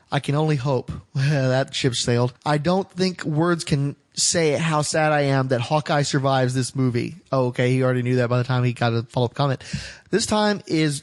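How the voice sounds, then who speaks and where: Opinionated, wry male podcast host. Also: medium pitch. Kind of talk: casual chat, reading listener comments.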